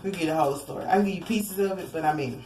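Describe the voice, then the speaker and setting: A woman's voice: lowish voice, very fast, darkish tone, slight background noise. Chatty woman giving a rambling tarot reading. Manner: rambling, chatty, fillers and asides. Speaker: tarot reader. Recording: echoey room, faint ambience.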